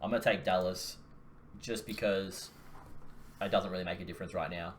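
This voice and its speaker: A man's voice: low voice, fairly even intonation, moderate pace. A young Australian man with an Australian accent, co-hosting a casual fantasy football chat and joking as he talks through his picks. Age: young adult. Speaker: podcast co-host. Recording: faint background noise.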